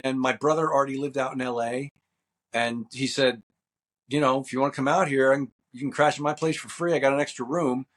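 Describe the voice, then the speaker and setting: A man's voice: medium pitch, steady tone, fast talker, a bit bright. A man in his fifties from New Jersey, an actor and stuntman chatting easily as an interview guest, rambling with fillers. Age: 50s. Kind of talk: casual interview.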